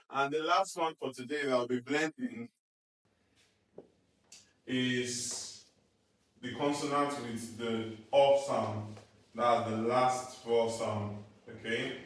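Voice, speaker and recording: A man's voice: medium pitch, steady tone, slow pace, long pauses, fairly bright tone, recorded from a distance, rough recording. A male reading teacher giving a phonics lesson, sounding out letter blends and praising often, checking in with "okay?" and "do you understand?".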